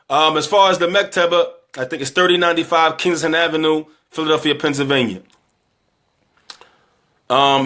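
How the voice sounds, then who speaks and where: A tired, emotional man makes an earnest closing appeal for donations to his community, repeating himself and asking pleading questions in an impassioned exhortation. His voice is on the high side, bright and forceful.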